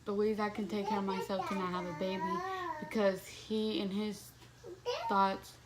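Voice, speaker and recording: A woman's voice: medium pitch, level tone, moderate pace, heavy background noise. A young woman telling a personal story in a casual vlog, swearing freely and saying "like" constantly. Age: young adult. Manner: casual, profane, heavy use of "like". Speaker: vlogger.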